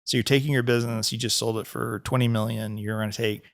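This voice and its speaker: A man hosting a casual podcast as a financial advisor. He talks in a relaxed, conversational way, often laughs and restarts his sentences. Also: mid-range voice, quick pace, creaky.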